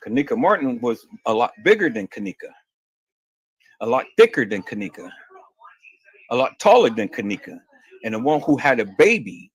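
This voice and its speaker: A man's voice: mid-range voice, vocal fry, slightly rough, no echo. A man hosting a livestream and answering viewer questions, emphatic and insistent, often stammering and repeating words. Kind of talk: heated livestream talk.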